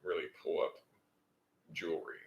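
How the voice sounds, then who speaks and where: A man co-hosting a relaxed chat, explaining things easily with lots of fillers. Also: normal speed, roomy sound, muffled recording. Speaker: co-host. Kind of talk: casual chat.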